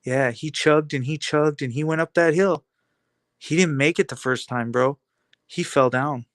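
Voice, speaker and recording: A man's voice: fairly high pitch, unhurried, a bit bright, no echo. Defiant man with a raised voice. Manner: taunting, rhetorical questions, repetitive. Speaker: video blogger. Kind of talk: defiant motivational monologue.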